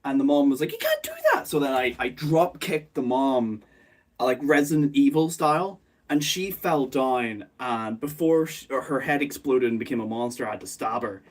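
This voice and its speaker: A man's voice: mid-range voice, moderate pace. A man chatting casually on a live stream from his bedroom, self-mocking, jokey and rambling, speaking into a phone rather than a proper microphone. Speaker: streamer and animator. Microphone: phone, not a proper microphone.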